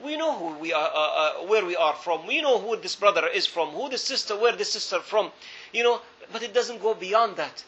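A man's voice: sits high, lively intonation, brisk, a bit bright. A man preaching a sermon, telling a story earnestly and repeating phrases for emphasis. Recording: dull lo-fi recording.

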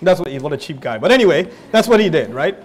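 A man giving a religious lecture as a lively story, joking and laughing often. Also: on the high side, quick pace, breathy edge. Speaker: Islamic lecturer.

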